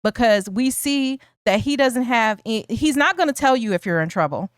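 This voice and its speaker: A woman's voice: a little high, expressive, normal speed, clear, resonant tone, no echo, studio quality. A woman co-hosting a casual film discussion, thoughtful and laughing easily, often restarting her sentences. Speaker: podcast co-host.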